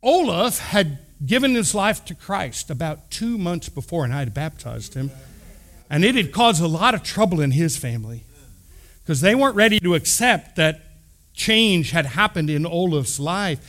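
A middle-aged man from Texas, a pastor telling stories in an animated, conversational sermon with lively asides. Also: fairly high pitch, moderate pace. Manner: animated, acts out quoted voices, conversational asides. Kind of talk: storytelling sermon.

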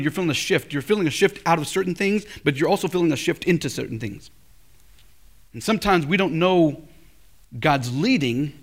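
Middle-aged male pastor, high voice, bright tone, animated sermon storytelling, loud to hushed. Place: college chapel service.

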